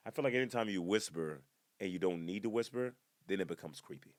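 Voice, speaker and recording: A man hosting a comedy podcast, rambling casually from one topic to the next with joking asides and sudden loud excited outbursts. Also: on the low side, dry recording, clean studio sound.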